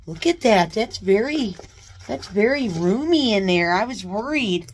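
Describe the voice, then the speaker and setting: A woman chatting casually as she unboxes a new purse, gushing with excited exclamations. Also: medium pitch, normal speed, slight background noise. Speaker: unboxing vlogger. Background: paper crinkling.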